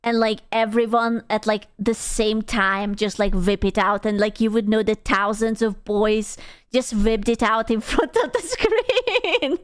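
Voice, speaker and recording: A woman's voice: on the high side, unhurried, clean tone, no echo, studio quality. A young adult woman streaming live, chatting casually with viewers in crude, teasing banter and bursts of playful squealing.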